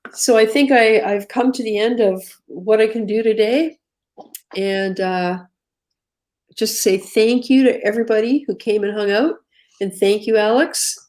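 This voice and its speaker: A woman's voice: medium pitch, darkish tone. Chatty woman hosting a live stream. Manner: easygoing, chatty, thanks guests. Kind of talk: casual live-stream chat.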